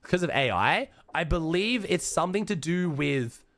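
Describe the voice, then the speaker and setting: A young Australian man streaming and chatting to viewers, hoarse and thick-voiced from a chest infection, talking loosely with lots of swearing and trailing off into quieter mumbles. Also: on the high side, animated, normal speed. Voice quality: thick and raspy. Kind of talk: casual livestream chat. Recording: faint music playing behind.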